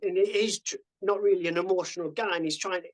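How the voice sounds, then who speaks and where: A man's voice: high voice, steady tone, fast talker, rough recording. A man, a podcast guest telling a story casually, swearing freely and acting out what people said in a raised voice. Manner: swears freely, acts out quoted dialogue in a raised voice. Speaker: podcast guest, army veteran.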